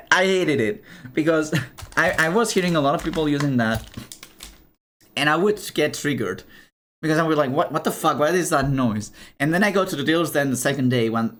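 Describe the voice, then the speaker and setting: A young man chatting casually on a live stream, animated and chatty, swearing and laughing as he shows off items. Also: on the high side.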